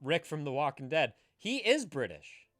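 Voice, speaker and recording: A man co-hosting a casual live stream, animated and swearing freely, breaking into loud shouted bits. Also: on the high side, moderate pace, dry recording, clean studio sound, faint music behind. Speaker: streamer co-host.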